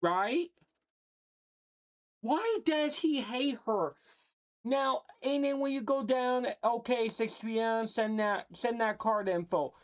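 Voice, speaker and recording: Woman streamer, slightly high voice, unhurried playful roasts. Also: lo-fi sound. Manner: teasing, mock-insulting, laughing at own jokes; talks to chat and a friend off-mic. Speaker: livestreamer. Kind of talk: casual livestream roasting.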